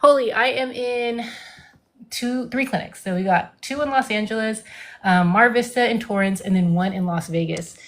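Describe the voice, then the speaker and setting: A woman's voice: fairly high pitch, normal speed. A woman cosmetic nurse practitioner in casual live-stream chat, emphatic and informal, saying "like" a lot. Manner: chatty, emphatic, says "like" and "dude" often. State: getting out of breath.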